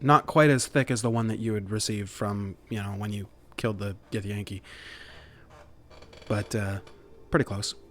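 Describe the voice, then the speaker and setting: A man's voice: fairly low pitch, steady tone, normal speed. A man narrating a tabletop role-playing game as game master in a casual way, with many fillers.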